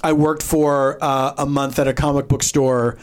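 A man's voice: medium pitch, little pitch movement, a little slow. A man who is a guest on a comedy podcast, telling stories about himself in a wry, self-mocking way. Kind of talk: casual comedy chat.

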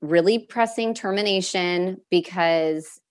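Young adult woman, guest storyteller; somewhat low pitch, earnest and open, frequent fillers and restarts. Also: takes it slowly. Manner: emotional at moments, with nervous laughs. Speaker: guest sharing a personal story. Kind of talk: candid conversational storytelling.

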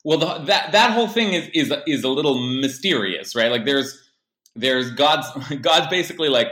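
A man's voice: mid-range voice, normal speed, pushed and bright. Rambling man in an echoey room. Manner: rambling, hesitant, frequent fillers. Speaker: podcast co-host. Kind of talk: casual chat.

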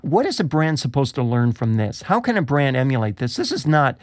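A man's voice: mid-range voice, sing-song, brisk, dry recording, studio quality. A man co-hosting a discussion, asking probing questions and laughing easily. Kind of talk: conversational discussion.

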